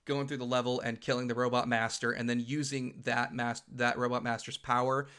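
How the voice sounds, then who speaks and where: A man's voice: mid-range voice, flat delivery, brisk, pushed and bright, clear, resonant tone. A man co-hosting a casual chat, laughing often and repeating words as he talks. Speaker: podcast co-host.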